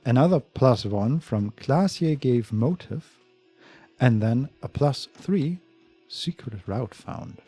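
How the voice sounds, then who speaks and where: A man's voice: medium pitch, expressive, slow, dark tone, husky, no room sound, soft background music. A man co-hosting a let's play, talking casually and methodically reading out the game's checks and bonuses. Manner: methodical, reads out game stats. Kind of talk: casual gaming chat.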